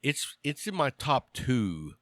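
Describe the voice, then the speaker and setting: A man's voice: mid-range voice, wildly swooping pitch, takes it slowly, no echo, studio quality. A middle-aged man co-hosting a podcast, chatting loosely and joking with lots of fillers after a bourbon. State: has had some bourbon. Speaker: podcast co-host. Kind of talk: casual chat.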